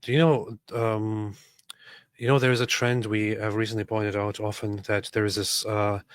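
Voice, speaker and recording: A man's voice: lowish voice, flat delivery, moderate pace, clear, resonant tone, dry recording. A man co-hosting a casual livestream, reading out chat messages with dry sarcasm. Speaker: livestream co-host.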